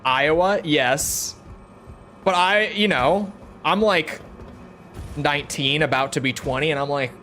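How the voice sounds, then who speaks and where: Young man, twenties, rambling gaming streamer, speaks from his throat; a touch high-pitched. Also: a little slow, pushed and bright, a little hiss or hum. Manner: talks from the throat to project, chatty and rambling. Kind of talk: casual gaming stream chat.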